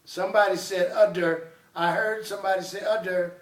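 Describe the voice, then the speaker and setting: A man's voice: high voice, fairly even intonation, a little fast. Commanding male teacher. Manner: commanding, drills students call-and-response. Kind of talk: classroom teaching. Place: classroom. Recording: echoey room, voice from far off.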